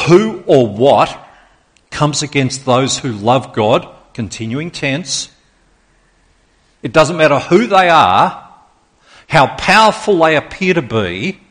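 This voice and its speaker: A male preacher delivering a sermon at an unhurried, deliberate pace. He gives each declaration weight and calls the congregation to repeat key lines with him. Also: medium pitch, fairly bright tone. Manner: slow, emphatic, leads congregation in call-and-response.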